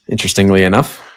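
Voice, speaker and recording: A man's voice: sits low, smooth. A man co-hosting a sports podcast in casual chat, easygoing, running through stats with side remarks. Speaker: podcast co-host.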